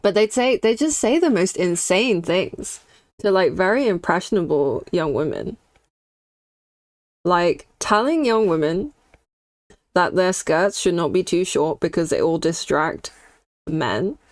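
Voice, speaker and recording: A woman's voice: fairly low pitch, expressive, measured pace, no echo. A young woman streaming while she draws, chatting candidly and reacting to her chat. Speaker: streaming artist.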